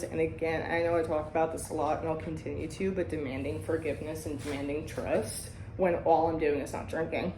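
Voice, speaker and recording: A woman's voice: lowish voice, a little mellow, slight background noise. A woman hosting a casual talk about recovery and sponsoring, blunt and profane, often tagging her points with "right?". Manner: blunt, heavy swearing, keeps asking "right?". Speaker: podcast host and sobriety sponsor. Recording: roomy echo.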